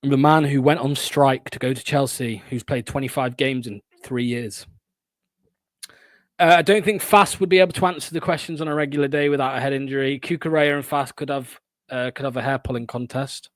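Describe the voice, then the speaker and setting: A man's voice: mid-range voice, fairly even intonation, a little fast, no echo, clean studio sound. A young man hosting a fan watchalong, giving live play-by-play with blunt, sarcastic asides and swearing.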